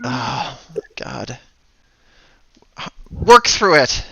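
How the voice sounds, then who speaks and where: A man's voice: medium pitch, sing-song, extremely slow, vocal fry, a bit bright, husky, dry recording, exaggerated voice. A man voicing a strict, impatient middle-aged mother who scolds her child in a tabletop game. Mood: scolding. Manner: scolding, exasperated.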